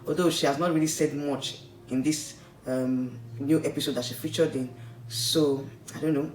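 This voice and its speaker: A man's voice: on the high side, fairly even intonation, normal speed. A man with a Nigerian accent, vlogging casual commentary in a rambling, chatty way that keeps checking in with the listener. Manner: chatty, rambling, keeps tagging "okay?" and "like, seriously". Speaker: vlogger reviewing a reality show. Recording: echoey room, distant mic, faint noise.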